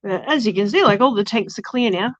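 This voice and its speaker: A woman's voice: medium pitch, lively intonation, quick pace, dry recording, muffled recording. A woman streaming casually while tending her fish tanks, chatty and self-deprecating, cooing to her fish. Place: home room with fish tanks.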